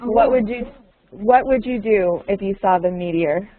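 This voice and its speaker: A woman leads an online English class, asking her students questions again and again and stopping to explain new words. Her voice sits at an ordinary middle pitch. The audio comes through thin and phone-like. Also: measured pace. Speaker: English teacher.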